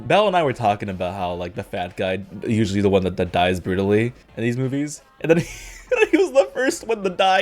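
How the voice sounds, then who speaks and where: A young man hosting a casual movie review chat, rambling and swearing, laughing often between remarks. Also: mid-range voice. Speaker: video host.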